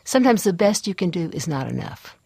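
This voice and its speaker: Older woman, personal storytelling, reflective, husky tone, dry close sound. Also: fairly low pitch, big pitch swings, dark tone, dry recording. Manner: reflective, unhurried recollection.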